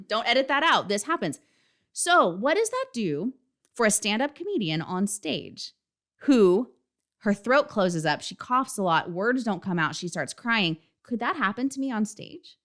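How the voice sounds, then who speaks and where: Very animated yet unhurried, a woman in her thirties speaks in a mid-range, slightly bright voice while hosting her own podcast. The solo talk is candid and emphatic, and she swears frequently.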